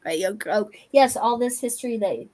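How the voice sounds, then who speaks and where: A woman's voice: a little high, lively intonation, normal speed, darkish tone. Chatty woman from Colorado hosting. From Colorado, USA. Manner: chatty and curious, musing aloud. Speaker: host. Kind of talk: casual livestream chat while crafting.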